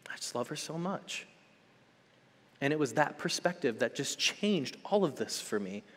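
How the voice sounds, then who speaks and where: A young adult male pastor preaching a sermon, swinging between loud urgent build-ups and hushed soft passages, checking in with "okay?" and "right?". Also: a little high, big pitch swings, moderate pace, in a large hall. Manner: conversational, with frequent "okay?" and "right?" check-ins.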